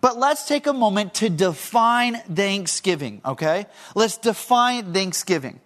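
A middle-aged male pastor with a notably high voice preaches to his congregation from the stage. He teaches step by step and keeps checking in with questions to the room. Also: lively intonation, unhurried, a bit bright. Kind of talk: sermon. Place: church stage before a congregation.

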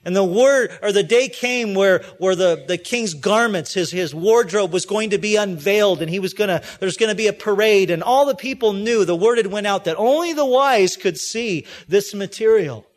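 A man's voice: sits high, normal speed, few pauses. A man preaching a sermon in a conversational, storytelling way, with plenty of restarts as he works through his points. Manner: storytelling preacher, acts out quoted voices. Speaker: pastor.

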